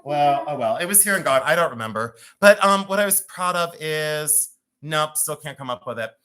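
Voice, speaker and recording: A man's voice: a little high, animated, normal speed, sharp tone. Joking Cleveland man selling jewelry live. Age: 50s. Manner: joking, rambling, laughs often. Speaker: live-stream jewelry seller. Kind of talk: chatty live-sale banter.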